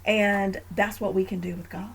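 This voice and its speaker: A woman hosting a faith podcast, talking in an earnest, reflective way with frequent fillers and growing animated in family stories. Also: medium pitch, normal speed, gravelly, slightly rough, poor audio. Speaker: podcast host.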